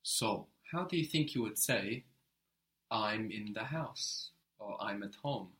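A man teaching a one-on-one language lesson, explaining patiently and often checking with a quick question. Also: on the low side, lively intonation, fairly bright tone.

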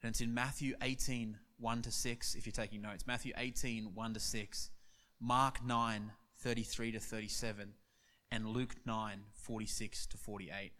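A male pastor preaching a sermon, telling Bible stories in an animated way and acting out their dialogue. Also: fairly low pitch, measured pace.

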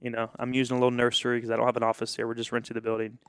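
Pastor, man, smooth voice, dry recording; casual storyteller who plays out the dialogue. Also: medium pitch, racing, no room sound. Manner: animated, acts out quoted dialogue.

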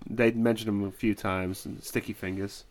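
A man's voice: fairly low pitch, flat delivery, normal speed, crowd noise. Matter-of-fact man in podcast chat. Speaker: podcast co-host. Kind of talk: casual chat.

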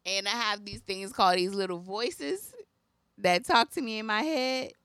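A woman's voice: mid-range voice, moderate pace, a bit bright, smooth, no echo, studio quality. A woman co-hosting a podcast in casual chat, musing through her point. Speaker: podcast co-host.

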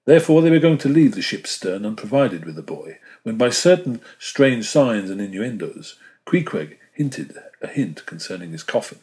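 An audiobook narrator reads a classic novel aloud in a lowish, animated voice. His delivery is measured, softly dropping at the ends of phrases.

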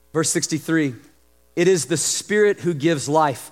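A man preaching a sermon as pastor, lively, acting out the voices of the people he describes. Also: a little high, a little slow. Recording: long hall reverb.

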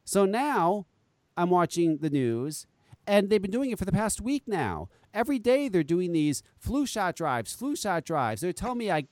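A man hosting a podcast in casual chat, an animated storyteller who swears freely. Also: moderate pace, no room sound. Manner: animated, swearing storyteller with lively pitch swings. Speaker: podcast host.

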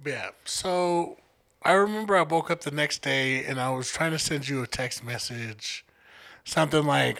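A young man co-hosting a podcast, telling a story in casual chat, profane and animated. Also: medium pitch, normal speed, creaky. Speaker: podcast co-host.

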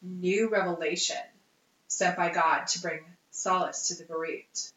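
Her voice sits on the low side and moves a little slowly. She's a podcast co-host recounting history in a lively, casual conversation full of ums and uhs, captured with a roomy, dull lo-fi sound.

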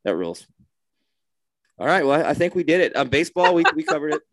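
A man's voice: a little high, big pitch swings, fairly quick, noisy background. A man co-hosting a podcast in casual chat, laid-back and joking. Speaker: podcast co-host.

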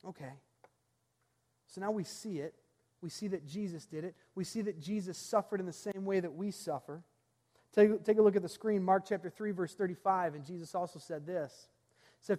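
A man pastor preaching a sermon earnestly, reading scripture aloud and letting his phrase ends fall soft. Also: high voice, moderate pace, long reverb tail.

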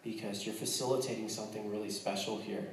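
An American man shares his testimony with a congregation, earnest but quick to joke, often restarting his sentences. He sounds set back from the mic, in a hall with heavy echo. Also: on the low side, steady tone, recorded from a distance. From United States. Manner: earnest and joking, with frequent restarts. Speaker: missionary speaking to a church.

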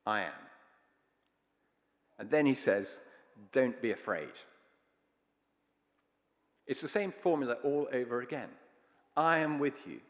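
A man's voice: mid-range voice, lively intonation, slow, long pauses. A man preaching a sermon, telling stories in an earnest, emphatic way. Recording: long hall reverb.

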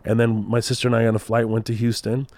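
Lively, laughing comedian with Texan accent. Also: male voice, medium pitch, fast talker, dry recording. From Kuwait. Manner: animated, laughs often, slips into voices and accents. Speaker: guest comedian. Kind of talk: casual podcast conversation.

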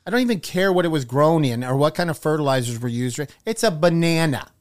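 A man co-hosting a radio talk show, telling a wry, animated story in casual chat. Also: fairly high pitch, fast talker.

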